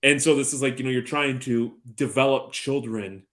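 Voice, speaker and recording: A man's voice: mid-range voice, normal speed, fairly bright tone. A man in his thirties co-hosting a podcast, chatting casually and telling long, rambling stories with dry jokes and plenty of swearing. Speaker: podcast co-host. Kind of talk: casual chat.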